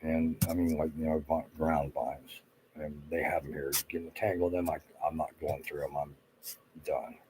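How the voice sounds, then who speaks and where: Older guy, very low voice, rambly and swearing, home livestream host. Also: little pitch movement, normal speed, noisy background. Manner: swearing, flustered, talking to himself.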